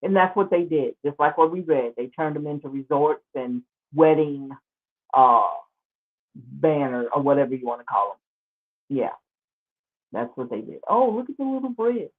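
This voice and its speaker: A woman's voice: rumbling low, moderate pace, long pauses. A woman hosting a show, giving casual, sarcastic commentary as she exclaims over pictures. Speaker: show host. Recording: tinny phone-like line.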